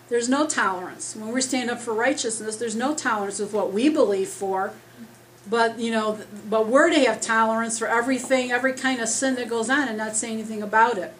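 A woman preaching an earnest, rambling sermon as she starts losing her voice, talking loud without a microphone. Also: fairly high pitch, slight background noise, low-quality recording. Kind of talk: conversational sermon. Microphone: speaking loud without a microphone.

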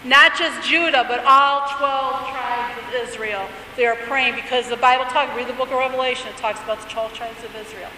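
A woman gives a teaching sermon in a high, bright voice. She alternates between reading prayers aloud and explaining them in a conversational way. The sound is echoey, with a long reverb and faint room ambience behind her. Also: fairly even intonation, normal speed, hardly any pauses, distant mic, slight background noise. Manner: reads liturgy aloud then explains it conversationally. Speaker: Bible teacher.

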